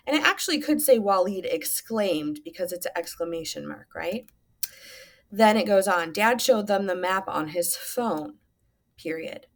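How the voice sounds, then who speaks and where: A woman teacher giving a recorded lesson to students, patient and instructive, with frequent "um" fillers. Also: on the low side.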